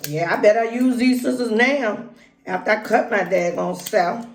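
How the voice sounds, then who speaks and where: In an echoey room, a chatty, folksy vlogger talks as she eats for a casual mukbang video. She has a medium pitch and pauses to take bites between remarks.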